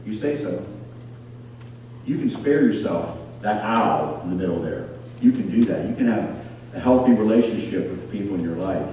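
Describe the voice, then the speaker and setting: A man preaching a sermon, telling stories with lively acted-out voices. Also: deep voice, recorded from a distance, slight background noise. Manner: animated storyteller, acts out voices. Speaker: pastor. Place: school church hall. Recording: echoey hall picked up from afar.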